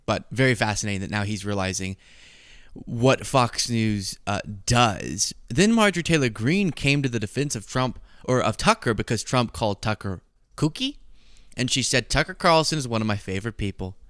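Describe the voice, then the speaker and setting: Animated, sarcastic male commentator. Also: mid-range voice, moderate pace, dry recording, clean studio sound. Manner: sarcastic and mocking, laughing at his own jokes. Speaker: political commentary host. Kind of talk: casual political commentary.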